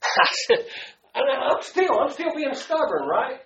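A man preaching a sermon to a congregation, swinging from loud to hushed and calling out to the room. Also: extremely high pitch, very animated, measured pace, creaky, echoey room, dull audio. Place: church before a congregation.

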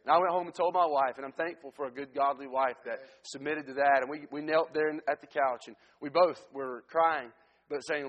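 A man's voice: fairly high pitch, fairly even intonation, fairly quick, muffled recording. A man giving an earnest testimony sermon as a missionary preacher, often restarting his sentences. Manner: earnest storytelling, frequent restarts. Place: church sanctuary. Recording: long church hall reverb.

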